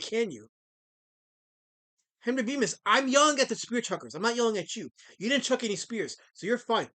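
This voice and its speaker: Middle-aged male streamer, bright tense voice, rambling off the cuff with lots of "uh"s, quick to bark back at chat. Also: high voice, expressive. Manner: rambling with many fillers, snaps back at chat. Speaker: comic creator and streamer. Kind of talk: casual live-stream chat.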